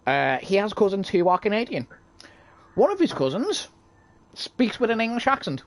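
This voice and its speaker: A speaker in a casual gaming chat, chatty and quick with jokey asides. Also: mid-range voice, very animated, no room sound.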